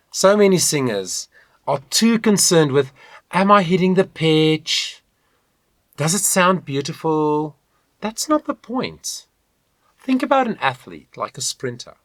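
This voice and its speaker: A man's voice: medium pitch, fairly bright tone, no echo. A man teaching an online singing lesson, encouraging and demonstrating with hums and sung lines. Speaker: voice coach.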